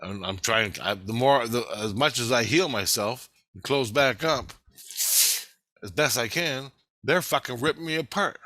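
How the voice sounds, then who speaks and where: A man's voice: mid-range voice, measured pace, pushed and bright, no room sound. A middle-aged man in an agitated, rambling vlog monologue, swearing heavily.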